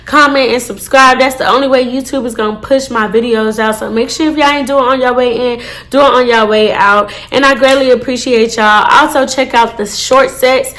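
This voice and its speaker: High-voiced Texan woman telling a storytime. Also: moderate pace. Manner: animated, swears a lot, addresses viewers as y'all. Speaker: storytime vlogger. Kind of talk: casual storytime.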